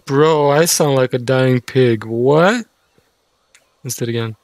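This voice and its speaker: A man's voice: medium pitch, moderate pace, darkish tone. A man giving casual, rambling gameplay commentary, often frustrated and self-mocking. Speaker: gaming streamer.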